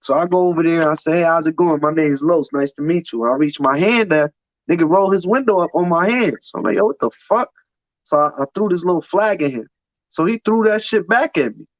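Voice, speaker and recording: A man's voice: a little high, brisk, no echo. Blunt, profane man with a raised voice. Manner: blunt, profane, heated storytelling. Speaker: podcast guest. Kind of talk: casual storytelling chat. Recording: dull, dry lo-fi sound.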